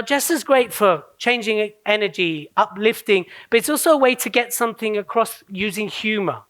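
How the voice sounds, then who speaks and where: A man giving a live keynote on public speaking, playful and energetic, often checking in with his audience. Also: sits high. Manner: playful, energetic, slips into quick mock voices. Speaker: public speaking coach on stage. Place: conference stage.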